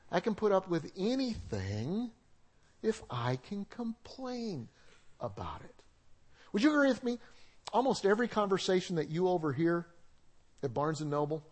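A man preaching a sermon as a pastor, talking conversationally, animated, with acted-out quotes and laughter. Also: on the high side.

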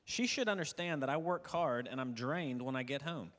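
A man's voice: medium pitch, animated, moderate pace, a bit bright, natural voice. A drained, grumbling husband sighs over how little he is appreciated, his voice rising and falling a lot. A man acts him out in a skit, heard from across a big reverberant hall. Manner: grumbling, self-pitying. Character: weary husband feeling unappreciated, grumbling.

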